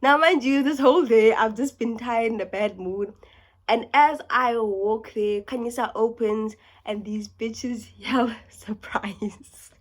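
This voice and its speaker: A young South African woman tells a story in a casual vlog, her voice pitched a little high. She talks fast and with lots of energy, dropping into whispers for asides. She sounds a little under the weather. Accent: South African English. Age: young adult. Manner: fast, animated, dips into whispers and laughs. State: sick. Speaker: YouTuber.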